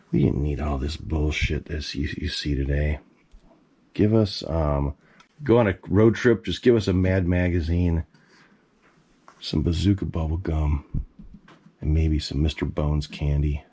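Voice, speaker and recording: A man's voice: low-pitched, dark tone. A middle-aged man casually chatting about his collection in a basement, rambling with plenty of "you know"s and fillers. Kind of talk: casual vlog chat. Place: basement room.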